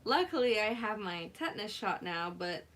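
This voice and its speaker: A woman's voice: medium pitch, sing-song, moderate pace, a bit bright. A woman who is a mother hosts a live craft demo, chatting casually with viewers and laughing often between remarks. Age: adult mother. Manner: chats with viewers while working. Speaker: craft livestream host.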